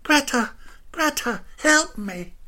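A man voicing a flustered, clumsy middle-aged salesman who is polite but easily exasperated, in a raspy voice. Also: sits high, big pitch swings, a little slow, a bit bright, pitched above the performer's own voice, full character voice.

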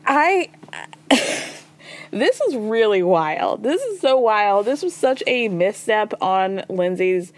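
A woman's voice: medium pitch, sing-song, slow pace. A woman hosting a casual recap podcast, talking in a chatty, profane way and voicing the lines of the people she describes. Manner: chatty and profane, says y'all and girl; retells scenes by voicing quoted dialogue. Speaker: podcast host recapping reality TV.

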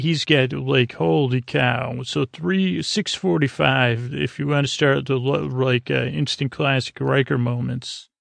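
A man with a gravelly, fried edge to his voice retells a TV episode for his podcast, stumbling through fillers and restarts. His delivery stays flat and even, recorded close and dry with no room sound. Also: medium pitch, no room sound. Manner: halting, full of fillers and restarts. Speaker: podcast host recapping a TV episode. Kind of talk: casual rambling recap.

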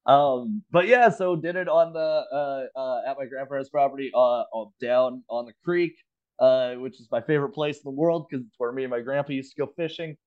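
Here a male co-host with a medium-pitched, clean-toned voice talks at normal speed. Joining the podcast remotely from home, he recounts a story in loose conversation packed with profanity and laughter, captured in slightly muffled lo-fi audio.

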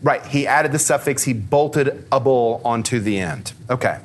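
A man giving a lively, conversational talk to a live audience, peppering his speech with fillers and questions for the crowd. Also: medium pitch, moderate pace, slight background noise.

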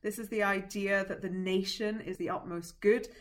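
A woman, a politics teacher, explaining the issues calmly and at length on a podcast, now and then laughing. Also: medium pitch. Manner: explanatory, measured, occasional laughs. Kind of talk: analytical podcast discussion.

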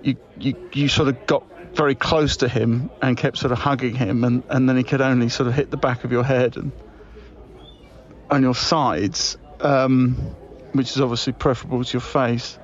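A man talks in a breezy, matey way, leaving a casual voice message full of fillers. His voice sits at an everyday pitch. The recording is slightly dull and lo-fi. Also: level tone, moderate pace. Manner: chummy and breezy, saying mate a lot. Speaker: comedy podcast co-host. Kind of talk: improvised comic voice-message monologue.

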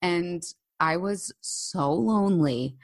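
A woman co-hosting a casual chat podcast, telling stories in a chatty, animated way and putting on voices when she quotes people. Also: lowish voice, takes it slowly. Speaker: podcast co-host. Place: living abroad in Britain.

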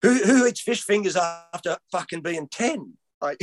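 A man's voice: sits high, animated, slow pace, heavy background noise. An Australian man, a comedian guest on a podcast, chatting in a blunt, heavily sweary way and laughing often. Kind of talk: casual chat.

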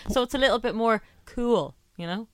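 A woman's voice: fairly high pitch, brisk, dry recording, clean studio sound. A young woman with an Irish accent, co-hosting a casual radio chat show in a chatty, bubbly way. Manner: chatty, bubbly, laughs often. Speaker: radio co-host. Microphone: studio mic.

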